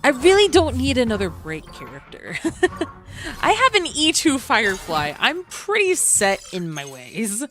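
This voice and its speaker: Playful woman streamer, lively pitch, casual chat over clear background music. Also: a little slow. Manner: chatty and playful, greets chat, hums, laughs often. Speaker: streamer, virtual singer and gacha player. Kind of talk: casual live-stream chat while gaming.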